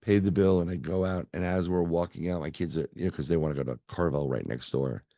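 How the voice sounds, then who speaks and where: A man's voice: deep voice, fast, warm tone, dry recording, clean studio sound. A middle-aged man, a psychic medium, telling a rambling story over a video call and acting out the other people's lines. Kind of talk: casual storytelling interview.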